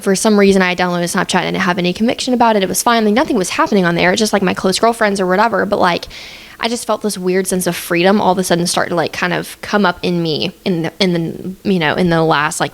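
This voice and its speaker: A woman's voice: fairly low pitch, vocal fry. Chatty young woman telling her story. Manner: chatty, heavy use of "like", earnest and candid. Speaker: podcast host. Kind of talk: casual solo podcast storytelling. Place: at home, seated on a couch.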